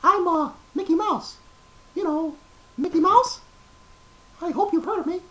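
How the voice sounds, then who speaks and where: Mickey Mouse. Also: male voice, unhurried, rough recording. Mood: cheerful. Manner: bright, friendly falsetto. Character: cheerful cartoon male mouse, squeaky falsetto.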